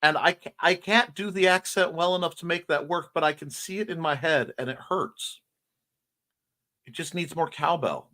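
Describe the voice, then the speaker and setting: A man's voice: a little high, normal speed, bright, forceful tone. A man hosting a casual livestream morning show, chatting playfully as he reads out and answers viewer comments. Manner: chatty and playful, jumping between topics.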